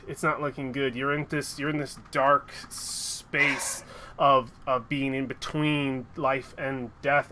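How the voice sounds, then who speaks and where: A man running a tabletop game as game master, narrating slowly and haltingly with frequent restarts. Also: medium pitch, bright, forceful tone, a little hiss or hum.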